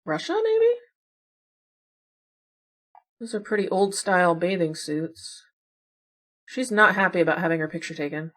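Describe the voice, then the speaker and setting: A woman's voice: fairly low pitch, moderate pace, fairly bright tone. Chatty woman thinking aloud over puzzles. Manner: chatty, wondering aloud, self-deprecating asides. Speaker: puzzle game streamer. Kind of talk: casual think-aloud commentary.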